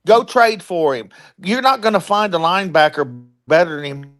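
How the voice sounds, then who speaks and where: A man's voice: high voice, animated, normal speed, fairly bright tone. A man on a sports podcast, ranting bluntly and with profanity, calling in remotely. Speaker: podcast panelist. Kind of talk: heated casual sports chat.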